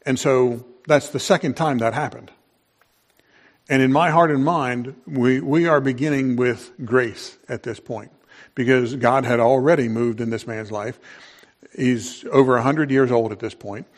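With a mid-range voice, a man preaches a sermon without hurrying. His delivery is conversational, dotted with frequent fillers and restarts.

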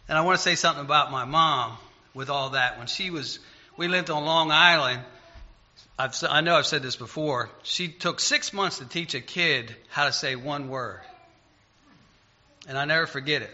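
A man giving an informal sermon in a folksy, rambling, self-deprecating way, slowing down when he reads scripture. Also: on the high side, bright, forceful tone. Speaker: lay preacher. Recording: dull lo-fi recording.

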